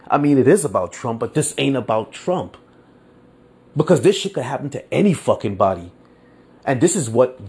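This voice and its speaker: A man hosting his own podcast, delivering an angry, profane political rant, often repeating himself and answering his own points with "yeah", dropping to a mutter and then surging louder. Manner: swings from muttering low to loud outbursts. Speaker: podcast host.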